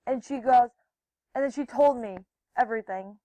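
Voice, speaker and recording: A young woman telling a personal story to camera in a notably high voice. She acts out the quoted people with loud, high bursts and drops soft and low when she turns wistful. The sound is dry and close. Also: moderate pace, no echo, rough recording. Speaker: vlogger.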